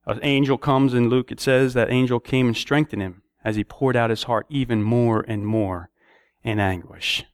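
A man preaching a sermon, telling stories and acting out prayers and dialogue with sudden rises in pitch. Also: fairly even intonation, moderate pace, clean tone, dry recording.

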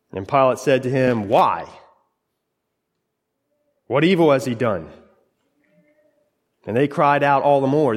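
A male pastor delivers a sermon in church, retelling a scripture story dramatically. His voice sits in a middle register and comes in short, broken phrases. A long reverb from the large hall trails after each line. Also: medium pitch.

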